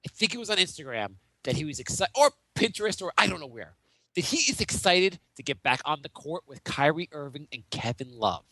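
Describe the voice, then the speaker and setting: A man doing an overheated sports pundit, bright and sharp-toned, his voice swooping from high shock back down to grave emphasis. He stammers through sarcastic disbelief in a close, dry podcast recording. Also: sing-song, fairly quick, no echo, heavily acted. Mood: outraged. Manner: theatrical outrage, stammering, sarcastic. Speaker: podcast host. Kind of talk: mock sports-show rant.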